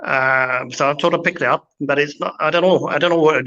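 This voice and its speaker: Bright-voiced male guest, hesitant. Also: a little high, quick pace. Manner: hesitant, with many fillers. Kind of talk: casual chat. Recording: dull lo-fi live stream audio.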